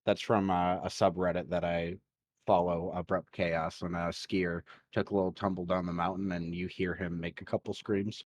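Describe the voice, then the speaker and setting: Low-voiced man, halting and hesitant. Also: little pitch movement, dull audio, slight background noise. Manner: halting, hesitant delivery with restarts. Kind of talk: casual group chat.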